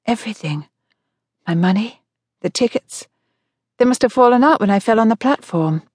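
A woman's voice: fairly high pitch, lively intonation, fast, darkish tone, no room sound, pitched above the performer's own voice, close to an everyday voice. A woman voicing an anxious, earnest young woman in an audiobook. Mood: flustered. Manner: flustered and earnest.

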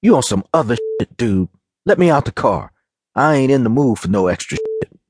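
Desperate young woman in a gritty audiobook, high and strained, put on by a male narrator. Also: very animated, normal speed, a little mellow, husky, dry recording. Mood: indignant. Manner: pleading, high-strung. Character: frightened, hysterical young woman on the run.

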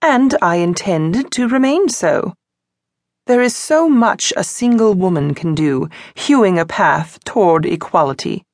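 A frigid, stern suffragist leader with a cold, clipped and emphatic delivery, as a woman narrator puts her on. The voice sits fairly low, and the storybook reading is close and dry. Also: expressive, measured pace, no room sound.

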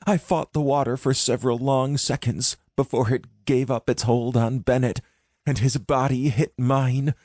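A man's voice: mid-range voice, fairly even intonation, moderate pace, a little mellow, no echo, studio quality. A man narrating a first-person audiobook in a dramatic, intense reading.

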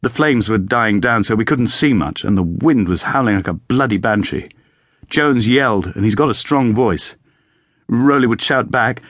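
A man's voice: medium pitch, moderate pace, fairly bright tone, no echo, lightly acted. A man voicing a shaken RAF bomber pilot. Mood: grim recollection. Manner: clipped British airman's slang.

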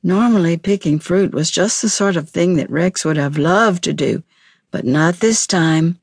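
A woman narrating a children's storybook audiobook in a measured, clear storytelling manner. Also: fairly low pitch, a little mellow, no echo, clean studio sound.

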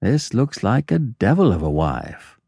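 A mocking young nobleman from a classic novel , voiced by a man, low and unhurried, each word laced with malice. The reading is dry and close to the mic. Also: sing-song, a little mellow, dry recording. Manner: slow, low, sneering. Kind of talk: audiobook character voice.

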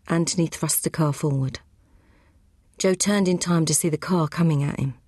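Low-voiced woman narrating a crime story. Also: a little mellow, no room sound, clean studio sound. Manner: brisk, matter-of-fact storytelling. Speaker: audiobook narrator. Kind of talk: scripted narration.

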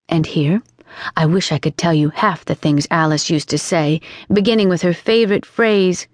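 A woman narrating an audiobook in a measured, gently expressive way. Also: fairly low pitch, no echo. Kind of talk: scripted narration. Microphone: studio microphone. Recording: dry studio sound.

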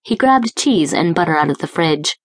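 A woman reading a romance audiobook as its narrator, with smooth, even storytelling. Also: low voice, moderate pace, no echo. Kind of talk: scripted narration. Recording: dry close studio read.

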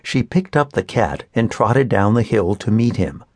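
A man narrating a children's audiobook in an expressive storytelling manner. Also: on the low side, unhurried, no echo, clean studio sound. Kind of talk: scripted narration of a children's book.

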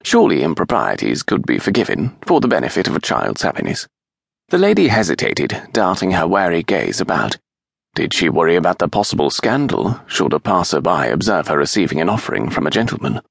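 A man reading a historical romance audiobook aloud in an expressive, measured storytelling manner, with a gravelly, husky voice on a close studio mic. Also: low voice, dry recording. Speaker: audiobook narrator. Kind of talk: scripted narration of a historical romance.

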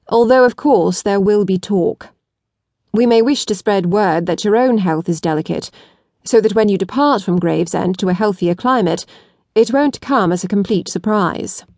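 A woman's voice: mid-range voice, no echo, lightly acted. Woman reading as a cool, blunt aristocrat. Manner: calm, businesslike, measured.

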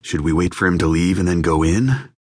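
A man voicing a calm male survivor who tries to talk a gunman down in an audiobook. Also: low voice, brisk, husky, no room sound, clean studio sound. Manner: steady, placating. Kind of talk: audiobook character voice.

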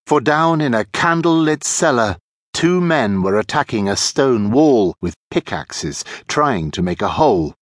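A man narrating a children's audiobook with expressive storytelling. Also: on the low side, a little slow, dry recording, studio quality.

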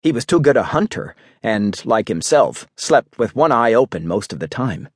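A man reads a western audiobook aloud in a husky, mid-pitched voice. He tells the story briskly and dramatically. The sound is dry and close, from a recording booth. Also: sing-song, dry recording. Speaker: audiobook narrator. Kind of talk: scripted narration.

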